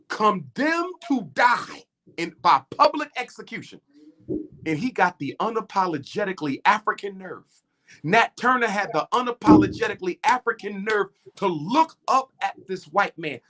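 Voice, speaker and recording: A middle-aged man talks like a preacher, his voice swinging widely in pitch as he drives each point home. He sits a little higher than most men and uses repetition and rhythm to build. It is an impassioned talk, not a script. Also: a bit bright. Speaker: guest speaker. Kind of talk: impassioned lecture in conversation.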